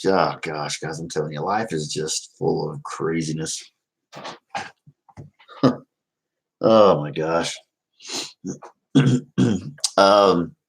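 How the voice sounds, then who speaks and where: Deep-voiced man, casual streamer, rambling and sincere. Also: poor audio. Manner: rambling and heartfelt, many fillers. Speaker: vlogger reading live chat. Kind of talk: casual livestream chat.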